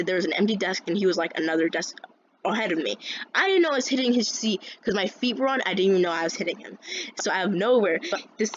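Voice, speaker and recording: A teenage girl telling a rambling, profanity-filled story about school, full of restarts. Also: medium pitch. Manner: swears constantly, rambling with restarts. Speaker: vlogger. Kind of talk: ranting storytime. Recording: dull lo-fi with faint hiss.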